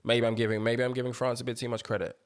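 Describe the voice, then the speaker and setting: A man co-hosting a podcast, in a conversational, measured chat. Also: medium pitch, level tone. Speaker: podcast co-host. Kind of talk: casual chat.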